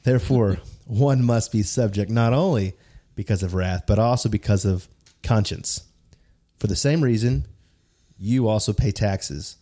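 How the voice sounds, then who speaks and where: A man's voice: fairly low pitch, unhurried, dark tone. A man on a discussion podcast reading a passage aloud, breaking off into playful, jokey asides.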